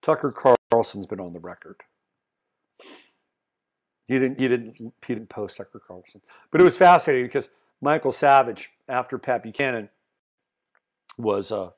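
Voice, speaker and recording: A man holds forth in a solo podcast of political commentary. His voice sits at an ordinary mid pitch, and he talks bluntly. He punches some points loudly and trails off quietly on others. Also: moderate pace, long pauses. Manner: animated, blunt, swings between loud emphasis and muttered asides. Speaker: podcast host.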